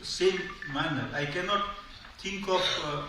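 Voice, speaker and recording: A man's voice: sits high, a little slow, bright, forceful tone. A man giving a convention speech, discursive and full of hesitant fillers, with wry humor. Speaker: convention speaker. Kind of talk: public speech. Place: large convention hall. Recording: echoey hall, far from mic, faint noise.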